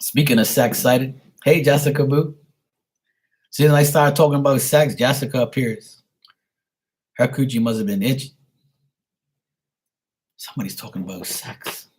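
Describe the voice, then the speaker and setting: A man's voice: medium pitch, steady tone, normal speed, long pauses, a little mellow, slightly rough. A man hosting a casual live stream and chatting with viewers, speaking bluntly with plenty of profanity and a rambling flow.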